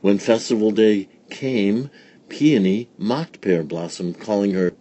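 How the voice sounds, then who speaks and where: A man reading a children's picture book aloud in a slow, deliberate storytelling manner. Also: fairly low pitch, animated, dark tone. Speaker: storybook reader.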